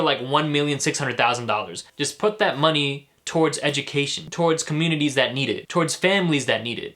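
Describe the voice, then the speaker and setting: A man's voice: medium pitch, a bit bright. Angry, impassioned young man ranting. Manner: impassioned, indignant, sarcastic. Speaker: political commentary vlogger. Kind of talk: ranting commentary vlog.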